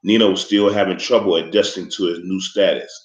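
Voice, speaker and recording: A man reading a novel aloud in steady, measured scripted narration. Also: low-pitched. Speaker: audiobook narrator. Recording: echoey, slightly muffled room recording.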